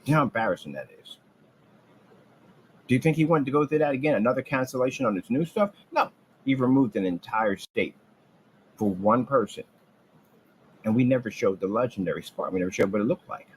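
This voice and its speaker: A boastful man rants about his business in a rambling trash-talk style. His pitch swings wildly, from low muttered asides to loud, high, taunting outbursts. A faint background noise runs under the recording. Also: expressive, fairly quick, long pauses, poor audio. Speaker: business owner ranting on his channel.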